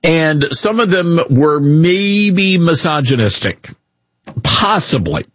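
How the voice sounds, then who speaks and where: A man with a Southern accent hosting a casual talk radio show, animated and mocking in tone. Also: a little high, slow pace, no room sound. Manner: animated, mocking, puts on exaggerated drawls.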